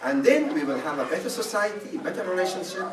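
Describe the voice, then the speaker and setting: A man's voice: high-pitched, expressive, rapid-fire, crowd noise. Man preaching in an echoey hall. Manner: earnest, emphatic, slips between English and Arabic prayer. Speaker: speaker at a Ramadan gathering. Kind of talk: sermon. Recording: roomy hall, mic from far off.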